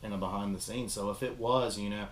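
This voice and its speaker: A man's voice: fairly low pitch, fast talker. Profane rambling young man in echoey room. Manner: rambling, profane, animated retelling. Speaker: podcast host reviewing a film. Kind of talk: casual chat.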